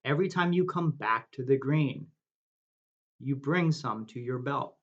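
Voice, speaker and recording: A man from New Jersey leading a guided meditation in a slow, gentle way with long pauses. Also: mid-range voice, highs cut off.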